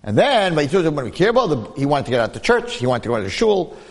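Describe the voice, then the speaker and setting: A man giving a lively Torah class, storytelling and asking rhetorical questions while acting out the people he quotes. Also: on the high side, normal speed. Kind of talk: animated Torah lecture with storytelling. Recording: long hall reverb.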